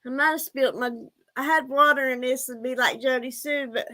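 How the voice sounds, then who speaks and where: A woman's voice: high voice, steady tone, normal speed, pushed and bright. A woman hosting a casual livestream, rambling and out of breath as she talks to her viewers. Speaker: livestream host.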